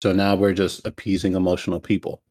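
A man's voice: low-pitched, level tone, fast, mellow. Laid-back teasing male podcast host. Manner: joking, teasing, laughs often. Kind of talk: casual chat. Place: home, separate rooms. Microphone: voice chat recording.

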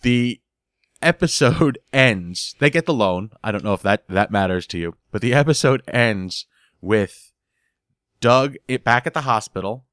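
A man talks through a sitcom episode he loves, giggling as he tells it and often stumbling over repeated words. His voice sits at an ordinary middle pitch. The recording is dry and close, with no room sound around him. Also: measured pace, no echo. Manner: animated storytelling, giggles often, repeats words while he searches for them. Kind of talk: casual episode recap.

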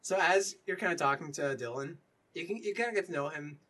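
A man's voice: a little high, lively intonation, fast, bright, forceful tone, recorded from a distance. A man narrating a tabletop game as game master, loose and rambling.

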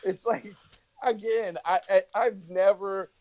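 A man chatting as a guest on a casual podcast, his voice sitting a little high. He rambles, swears, and restarts his sentences often. The sound is dry and slightly dull. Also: fairly even intonation, slow, darkish tone, no room sound. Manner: loose, swearing, many restarts and voiced asides. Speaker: podcast guest, band member.

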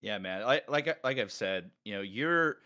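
A man hosting a casual group call, talking excitedly and rambling with many restarts. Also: on the low side, moderate pace. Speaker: podcast host and collab organizer.

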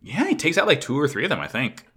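A man co-hosting a podcast, recapping an anime episode in excitable, swear-heavy casual chat and acting out characters' lines. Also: medium pitch, quick pace, breathy edge. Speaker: podcast co-host.

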